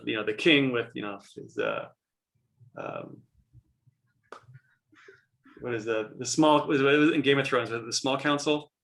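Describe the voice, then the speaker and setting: A man's voice: mid-range voice, gravelly, sharp tone. A man teaching a class on a prayer text, explaining as he goes and often restarting his sentences. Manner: explanatory, thinking aloud with many restarts.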